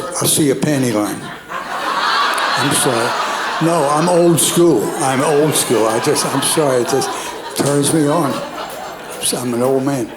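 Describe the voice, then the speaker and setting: A man's voice: medium pitch, heavy background noise. A man, telling a rambling, folksy stand-up set on a comedy club stage. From North Carolina, USA. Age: 80s. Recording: roomy club with audience laughter.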